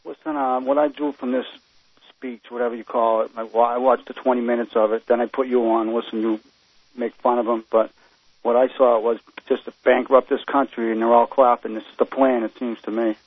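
A man calling in to a radio show, earnest and halting, voicing suspicions about politicians. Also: medium pitch, flat delivery, dry recording. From Boston, Massachusetts. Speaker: caller. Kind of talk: call-in radio chat. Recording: tinny phone line.

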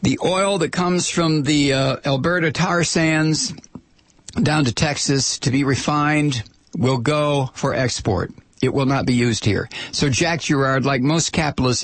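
A man's voice: a little high, unhurried, fairly bright tone, no echo. A man delivering a rambling, profane political commentary monologue with plenty of digressions.

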